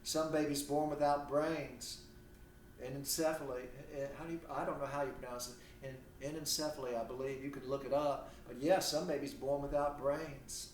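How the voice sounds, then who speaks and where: A man's voice: mid-range voice, steady tone, normal speed, far from the mic, a little hiss or hum. A man teaching a literature class online from home, talking in a conversational, digressive way and leaning hard on key words. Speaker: literature instructor. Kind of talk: recorded online lecture. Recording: roomy, off-mic home recording.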